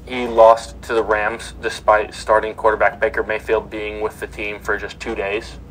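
Low-voiced man reading sports headlines. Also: flat delivery, normal speed, a bit bright, a little hiss or hum, rough recording. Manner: reads headlines with many fillers. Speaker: podcast host reading sports news. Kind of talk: casual sports news chat.

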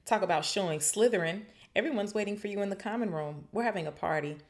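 A woman doing a loud, cheering boy wizard. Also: medium pitch, fast talker, pitched above the performer's own voice, lightly acted. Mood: excited. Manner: loud, gleeful.

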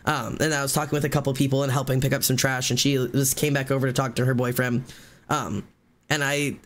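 A man streaming live, telling a long story in casual chat, rambling and fast with many fillers and restarts. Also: mid-range voice, level tone, fairly bright tone.

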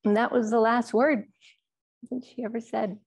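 Gravelly-voiced woman giving a quiet Zen talk. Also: fairly high pitch, little pitch movement, normal speed. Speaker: Zen teacher. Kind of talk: dharma talk, personal story.

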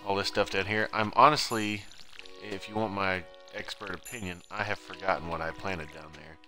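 A man streaming a game, giving casual commentary and muttering to himself, his volume drifting between quiet and loud. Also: low-pitched, fairly even intonation, moderate pace. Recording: game music playing behind.

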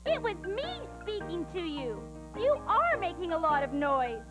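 A woman's voice: extremely high pitch, very animated, measured pace, music in the background, heavily acted, rough recording. A storyteller voicing a small, bold male mouse who stands up to a lion.

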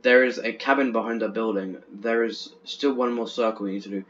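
A young man commenting on a horror game as he plays, chatty and jumpy, stammering when he gets excited. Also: lowish voice, a little fast, hardly any pauses. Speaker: gaming channel host. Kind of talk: let's play commentary. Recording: dull lo-fi with faint hiss.

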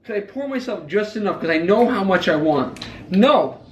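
A man's voice: sits high, animated, moderate pace, slight background noise. Man at home, teasing and stubborn with his partner, dry delivery, echoey room sound. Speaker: vlogger's boyfriend. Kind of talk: casual home banter. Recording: roomy home camera audio.

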